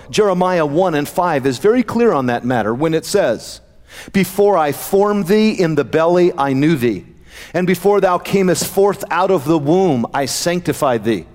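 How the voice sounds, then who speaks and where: A man preaching a sermon in a church, his voice sitting a little high for a man. He slows down to stress scripture quotes. The sound rings on in a long hall reverb. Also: darkish tone. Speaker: pastor. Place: church sanctuary.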